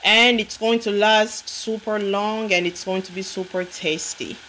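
A woman cooking on camera speaks at a medium pitch in a steady, unhurried, bright and forceful tone, with a low-quality recording carrying a slight hiss or hum and a frying sizzle behind her. The vlogger's casual demo is full of sass and teasing; she calls viewers honey and often repeats "okay?"

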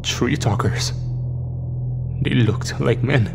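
A man's voice: mid-range voice, slow, gravelly. A man telling a horror story in a tense, dramatic scripted narration. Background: faint music.

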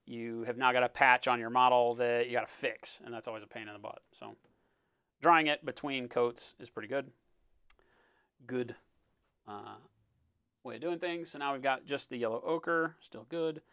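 A man talking through a live-stream painting tutorial in a relaxed, explanatory way, often checking in with "right?" and sometimes muttering as he works. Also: mid-range voice, moderate pace, pauses often, clear, resonant tone, dry recording. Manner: muttering while working. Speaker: miniature painting instructor.

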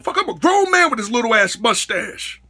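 A man rants to camera in a comedic vlog, exasperated and profane, breaking into shouts. His voice sits very high with a piercing brightness, and his pitch leaps around constantly. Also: big pitch swings, normal speed, slight background noise. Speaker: comedy vlogger.

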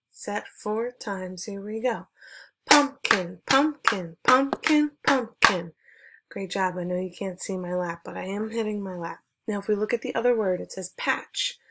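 A woman music teacher giving an online lesson for children, speaking clearly and encouragingly as she leads call-and-response chants. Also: medium pitch, steady tone, normal speed, heavy background noise.

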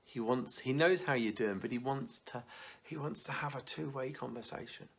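At a normal pace, a thirtysomething man delivers a youth talk at church in a mid-range voice that's creaky and breathy at the edges. His storytelling starts lively, later turns quiet and earnest, and includes a few stumbling restarts.

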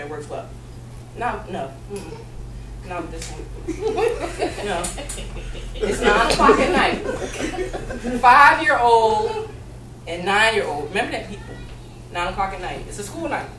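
Brash woman doing stand-up, echoey. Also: mid-range voice. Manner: brash, profane, gets loud and shouty for punchlines. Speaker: stand-up comedian. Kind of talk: stand-up comedy set. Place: comedy club stage with a live audience. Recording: echoey room, from far off, audience noise.

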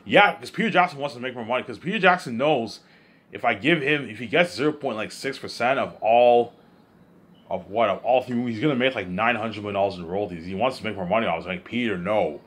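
A young man vlogging in a loose, rambling monologue at a mid-range pitch. He trips over repeated words and keeps asking whether the listener follows. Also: fast talker, fairly bright tone.

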